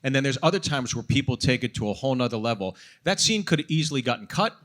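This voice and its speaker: Mid-pitched man hosting a podcast. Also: lively intonation, fast, a bit bright. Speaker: podcast host. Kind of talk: live podcast chat.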